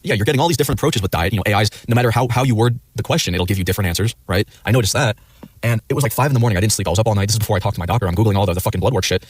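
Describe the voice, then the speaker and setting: Fast-talking low-voiced man ranting. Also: breathy edge, no room sound. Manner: rambling, swears a lot, acts out quoted chatbot replies. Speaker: livestreamer. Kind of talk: casual rambling stream chat.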